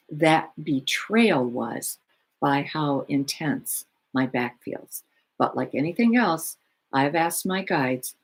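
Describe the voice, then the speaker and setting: A woman who works as a spiritual healer, giving her weekly talk in an unhurried, rambling way with many fillers. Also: low-pitched, breathy edge.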